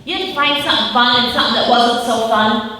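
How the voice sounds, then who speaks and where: A woman's voice: a little high, fast talker, bright, forceful tone. A woman in her thirties, a mother speaking to schoolchildren in a school hall. She tells stories and keeps asking the children questions. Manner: interactive, asks the children many questions. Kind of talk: storytelling talk to schoolchildren. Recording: echoey hall from far off, faint noise.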